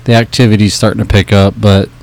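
Man, very low voice, monotone, matter-of-fact fishing report, casual panel talk. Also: fast talker, creaky. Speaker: fishing guide giving a report.

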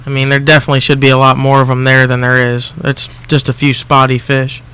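A man's voice: medium pitch, monotone, fast talker, bright, forceful tone, clear, resonant tone. A young man on a fishing talk show, easygoing and practical, sharing tips about bait and hooks. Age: young adult. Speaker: guest angler. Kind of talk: casual talk-show chat.

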